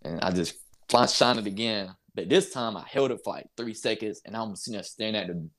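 A young man from North Carolina, a basketball player, telling a story as an interview guest in a casual, animated way, laughing and acting out the people in it. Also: lowish voice, a little fast. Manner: animated, laughs while telling, acts out voices.

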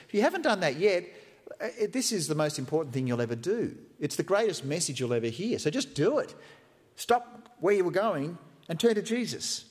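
A man preaches a sermon in a church hall, in a conversational, joking way that keeps slipping into acted-out quotes. His voice sits a touch high and swings widely in pitch. A long hall reverb trails every phrase. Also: very animated, fairly quick, husky. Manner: conversational and humorous, acting out quotes. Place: church hall with live stream.

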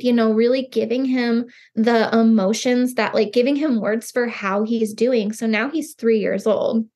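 Earnest woman with a slightly high voice. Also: moderate pace, hardly any pauses. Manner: earnest, expressive, many "like" fillers. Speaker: podcast guest, grief counselor. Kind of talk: casual conversation.

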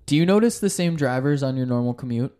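Animated, foul-mouthed young man chatting. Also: mid-range voice, fast. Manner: animated, swears a lot, laughs often. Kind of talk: casual chat.

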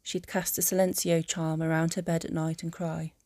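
A woman narrating a fan audiobook in a calm, even storytelling manner. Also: low-pitched, normal speed, no room sound.

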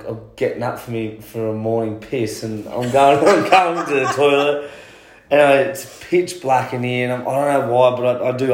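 An Australian man with a voice of ordinary pitch chats at home as a guest. He swears freely, rambles and laughs at himself. The room is echoey. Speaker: guest, concreter. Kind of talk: casual chat. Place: at home, indoors. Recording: roomy home recording.

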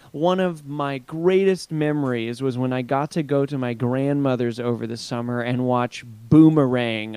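A man's voice: mid-range voice, darkish tone, smooth, dry recording. A man co-hosting a casual podcast, talking in a playful, teasing way with his co-host.

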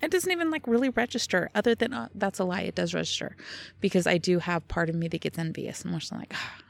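A woman's voice: lowish voice, fast talker, vocal fry. A woman co-hosting a podcast, talking candidly and rawly about her feelings, swearing freely and laughing at herself. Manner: raw, confessional, swears freely, self-deprecating laughs. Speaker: podcast co-host. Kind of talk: candid casual chat.

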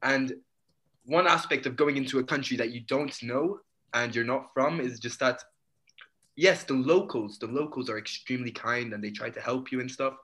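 A man telling stories in a casual group chat, animated and expressive. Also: mid-range voice, moderate pace. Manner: animated storytelling.

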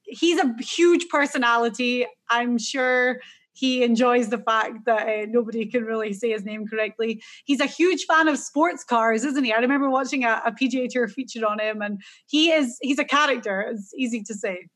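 A woman's voice: on the high side, moderate pace, fairly bright tone. A woman with a Scottish accent, co-hosting a casual golf analysis chat and thinking aloud with fillers. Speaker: co-host.

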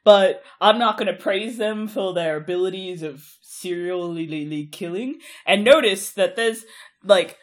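A woman co-hosting a podcast in casual chat, animated and full of "like" fillers. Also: mid-range voice, unhurried. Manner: animated, frequent "like" fillers, laughs often. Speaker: podcast co-host.

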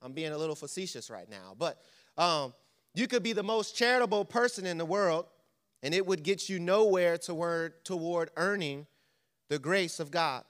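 Smooth-voiced preacher, conversational. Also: male voice, fairly high pitch, animated, moderate pace, a bit bright. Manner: conversational, asks the congregation questions. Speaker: preacher teaching a church lesson. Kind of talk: sermon. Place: church.

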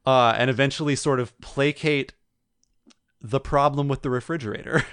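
A man co-hosting a podcast, chatting casually and retelling a story with lively acted-out quotes. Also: mid-range voice, moderate pace, clear, resonant tone, dry recording, studio quality. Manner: animated storyteller, acts out quotes. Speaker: podcast co-host. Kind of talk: casual chat.

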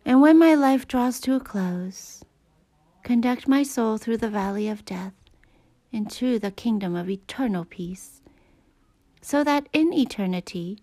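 Woman softly whispering slow prayers. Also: medium pitch. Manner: soft, hushed and unhurried.

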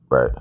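Frustrated man ranting about sports. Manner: frustrated, ranting, swings between loud outbursts and low mutters. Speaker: sports fan vlogger. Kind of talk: casual sports rant.

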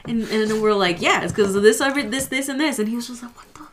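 A woman's voice: a little high, quick pace, slight background noise. A woman co-hosting a casual podcast, talking bluntly and swearing freely. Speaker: podcast co-host. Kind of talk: casual chat.

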